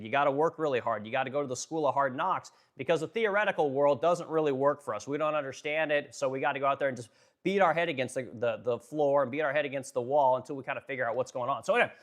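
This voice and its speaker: A man with a mid-range, fairly bright voice hosts a casual political live stream. He owns a furniture business and speaks bluntly, swearing a lot and packing his talk with fillers.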